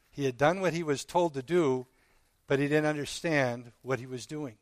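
A man preaching, telling a parable with earnest, slow dramatic pauses. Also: on the high side, no echo. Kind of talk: sermon storytelling.

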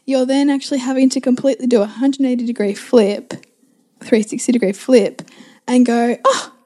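A woman host with a slightly high voice and a mellow, dark tone. She speaks reflectively in a casual chat, affirming and expanding on ideas. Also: fairly even intonation, moderate pace.

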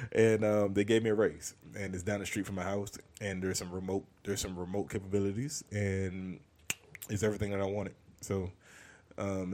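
Rambling through a joking catch-up, a podcast host and comedian imitates other people's voices in a casual monologue. His voice is low and a little mellow.

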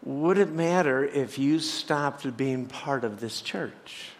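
A pastor preaching a sermon in a church, earnest and emphatic, asking the congregation rhetorical questions. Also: male voice, medium pitch, animated, slow pace, long reverb tail.

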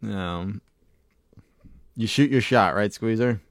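A low-voiced man co-hosting a podcast, rambling through stories with plenty of swearing and easy laughter. His voice is close and dry, with no room sound around it. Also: slow pace, no echo. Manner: rambling, profane, laughs often. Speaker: podcast co-host. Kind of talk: casual chat.

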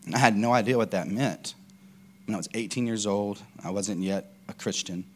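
Low-voiced man preaching casually. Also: normal speed. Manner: conversational, storytelling with many fillers and restarts. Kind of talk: casual sermon.

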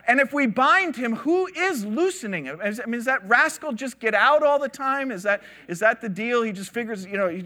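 A man giving a conversational sermon, telling stories with animated quoted voices and casual asides. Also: high voice. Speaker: teacher.

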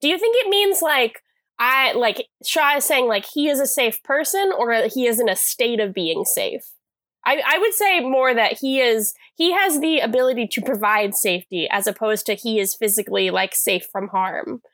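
A woman with a fairly high voice chats casually on a podcast, recapping a TV episode with lots of fillers and self-deprecating asides. Her voice sits close and dry, with no room sound around it. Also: expressive, moderate pace, fairly bright tone, dry recording. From California. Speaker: podcast co-host.

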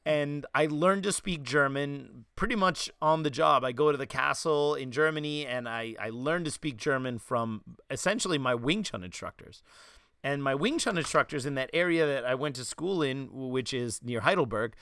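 A man with a New York accent, hosting a podcast and telling animated stories in casual chat. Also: mid-range voice, normal speed, clear, resonant tone, no echo, clean studio sound. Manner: animated storytelling, slipping into quoted voices. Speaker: podcast host.

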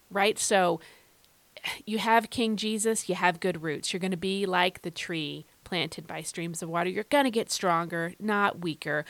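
A woman's voice: medium pitch, dry recording. Emphatic woman giving a devotional. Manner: emphatic, repeats key phrases for stress; talks directly to the listener in a friendly, encouraging way. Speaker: devotional podcast host. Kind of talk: devotional teaching.

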